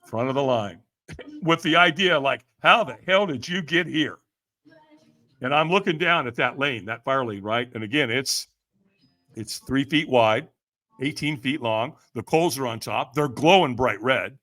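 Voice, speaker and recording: A man's voice: medium pitch, moderate pace. A man telling a story animatedly in casual speech, acting out the voices of others and laughing often. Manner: lively, acts out quoted voices, laughs often. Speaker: podcast guest, firewalk trainer.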